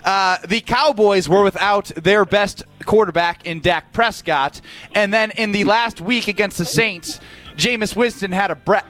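A man's voice: high voice, fairly bright tone, poor audio. A man on sports radio playing an overly serious juror, rambling through his verdict. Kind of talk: mock courtroom bit on sports radio.

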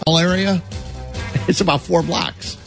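A man's voice: high-pitched, fairly even intonation, slow pace, vocal fry, faint music behind. A man co-hosting a sports radio show in an easygoing way, laughing often. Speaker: radio co-host.

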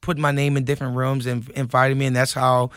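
A young man, a podcast guest telling a story in an animated way and acting out the quotes. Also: mid-range voice, quick pace, dry recording, studio quality. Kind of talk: casual storytelling.

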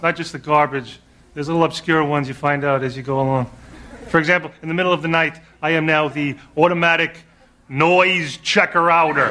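A man from New York doing a stand-up routine in a deadpan, self-mocking manner, heard in an old recording with a loud crowd and noise. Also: a little high. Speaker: stand-up comedian.

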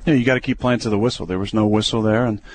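A young adult man, a quarterback, talking through plays in a relaxed, hesitant way with many fillers and restarts. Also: lowish voice, rapid-fire, slight background noise. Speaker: football quarterback. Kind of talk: casual radio interview.

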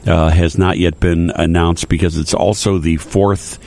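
Deep-voiced man hosting radio, halting. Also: flat delivery, vocal fry, a little mellow. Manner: hesitant, many uh fillers and restarts. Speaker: radio host. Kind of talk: casual radio chat.

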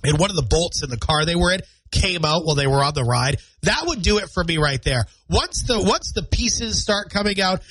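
Fighting a cold, with a stuffy nose and scratchy throat, a thirtysomething man runs a solo morning radio show in a studio, sounding nasal, congested, chatty, and self-deprecating. His slightly high, somewhat bright voice is expressive and brisk, with hardly any pauses. The studio microphone recording is poor, carrying a little hiss or hum.

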